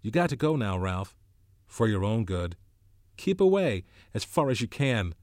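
A man's voice: fairly low pitch, sing-song, measured pace, a little mellow, no room sound, studio quality. A man voicing a frightened teenage boy, one of twins, talking in a strangled, fearful voice.

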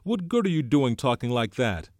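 A man reading an audiobook voices an anxious schoolboy with a shrill, excited, pleading manner. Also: normal speed, dry recording, clean studio sound, close to an everyday voice.

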